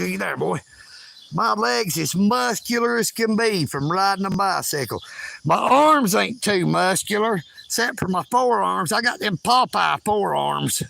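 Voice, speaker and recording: A man rambling loudly and emphatically on a livestream from his bedroom. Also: sits high, lively intonation, unhurried, gravelly, slight background noise. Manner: loud, emphatic, self-promoting.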